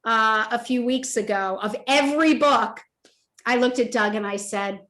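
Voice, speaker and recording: A woman in her fifties, an author telling a personal story in an emotional, animated way at a virtual interview event, acting out the voices in her story. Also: a little high, moderate pace. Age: 50s. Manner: animated, emotional, acts out quoted dialogue. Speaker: author and toy company co-founder. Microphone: video call.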